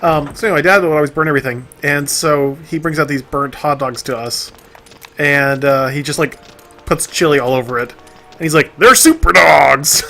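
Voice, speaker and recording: A young adult commenting alongside a game playthrough, telling rambling stories in a relaxed way. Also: mid-range voice, brisk, faint music behind. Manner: laid-back, tells rambling anecdotes. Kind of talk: casual gameplay chat.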